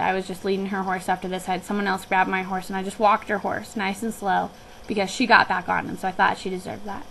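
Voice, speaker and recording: A woman's voice: mid-range voice, gravelly, fairly bright tone, slight background noise, poor audio. A young woman who works on a guest ranch, telling a personal story in a chatty, reflective way with frequent restarts.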